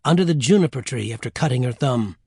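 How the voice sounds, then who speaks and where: A man narrating an audiobook with measured, wry storytelling. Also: mid-range voice, lively intonation, a little mellow, husky, no room sound, clean studio sound.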